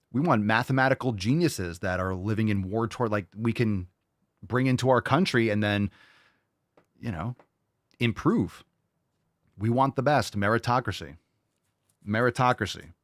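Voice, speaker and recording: A man's voice: mid-range voice, expressive, moderate pace, no echo, clean studio sound. A man hosting a show, ranting and mocking in combative, sarcastic commentary over video clips. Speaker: show host.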